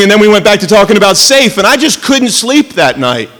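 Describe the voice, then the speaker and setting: Guy preaching a sermon, kinda high voice, chatty storyteller who slows way down to hit the big words, long echo like a church hall. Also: very animated, a bit bright. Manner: conversational storytelling with jokes and asides; emphatic, slows down to stress key words. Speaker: pastor.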